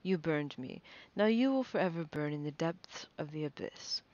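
A man's voice: on the high side, lively intonation, moderate pace, darkish tone, highs cut off, close to an everyday voice. A woman reading the lines of a cruel male tribal chieftain who taunts his victims. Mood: gloating. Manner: menacing taunts.

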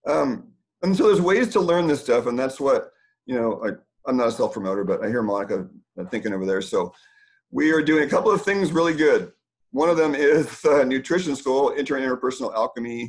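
A man's voice: mid-range voice, lively intonation, fairly quick. A middle-aged man hosting a casual community talk from his house, rambling and digressing as he explains.

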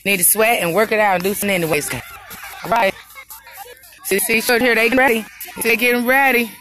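A woman live-streams on her phone while touring an outdoor community event in a park, giving upbeat, casual commentary and laughing a lot. Her voice is a little high, bright and forceful, with a steady tone and brisk pace. The poor audio catches faint music and outdoor noise.

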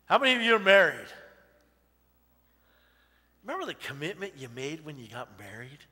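Pastor, man, fifties, high and bright, folksy storytelling sermon in a reverberant church hall. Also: sing-song, moderate pace. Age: 50s. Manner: personal storytelling, many "you know" asides. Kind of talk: conversational sermon. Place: church sanctuary.

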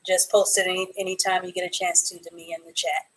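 A woman teaching a live online reading class, reading students' sentences from the chat and praising them slowly and clearly. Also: on the low side, little pitch movement, rough recording. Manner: encouraging, slow and clear, praising students by name.

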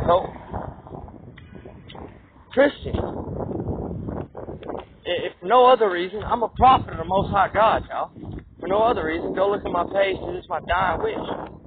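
High-voiced man ranting angrily, tinny wind-blown audio. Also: normal speed, long pauses. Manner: angry, profane, rambling rant. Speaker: vlogger. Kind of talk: ranting monologue to camera.

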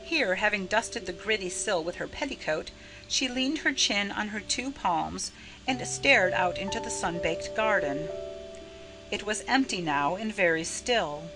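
A woman reading a novel chapter aloud in a measured, expressive narration. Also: mid-range voice, low-quality recording. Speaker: audiobook narrator. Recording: narration with music underneath. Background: music.

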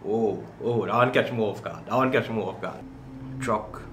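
A man hosting a reaction video, talking casually and excitedly, often repeating himself in slangy speech. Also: lowish voice, fairly quick, roomy sound, slight background noise. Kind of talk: casual commentary reacting to clips.

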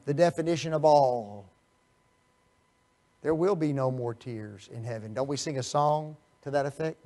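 A man preaching a Bible study sermon, firing rhetorical questions at his listeners and swinging from quiet asides to loud, emphatic bursts. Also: medium pitch, moderate pace. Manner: animated, rhetorical questions to the audience.

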